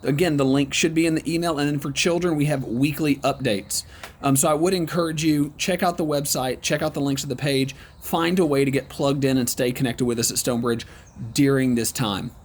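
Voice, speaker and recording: In a mid-range voice, a man leads an online Bible study, chatting in an encouraging way with frequent pauses and ums. There is a little hiss or hum in the background.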